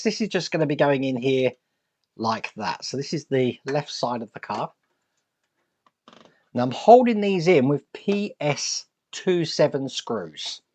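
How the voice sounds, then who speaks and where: Upbeat man narrating a model build. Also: fairly high pitch. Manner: chatty, upbeat, laughs at the model's size. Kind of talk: step-by-step build commentary.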